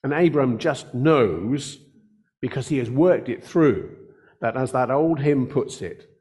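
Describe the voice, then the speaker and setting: Older man, pastor, earnest sermon delivery, slows to stress key words. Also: mid-range voice, lively intonation, a little mellow.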